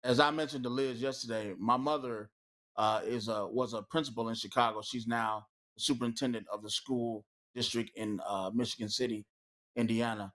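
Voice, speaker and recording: A man's voice: mid-range voice, steady tone, normal speed, a bit bright. A man on a talk-show panel, speaking with anger and emphasis and leaning on many "you know" fillers. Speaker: co-host. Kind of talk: heated panel discussion.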